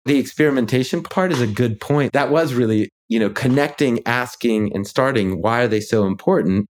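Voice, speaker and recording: A man's voice: medium pitch, fairly quick. A man who is a ghostwriter and author, a guest in a casual conversation, talking through his ideas reflectively with many fillers.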